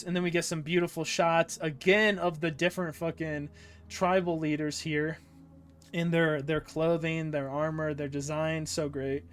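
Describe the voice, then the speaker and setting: A man's voice: fairly high pitch, flat delivery, moderate pace, faint music behind. A man reading a manga aloud and chatting casually about the art, enthusiastic and swearing freely. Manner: enthusiastic, swears a lot, says "dude". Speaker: manga reader. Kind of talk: casual read-along commentary.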